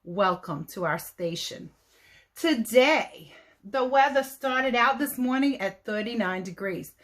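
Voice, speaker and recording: A woman's voice: on the high side, lively intonation, slow, a bit bright. A woman voicing a chatty female TV weather reporter in an upbeat newscaster manner, giving a pretend weather report for children. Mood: chirpy.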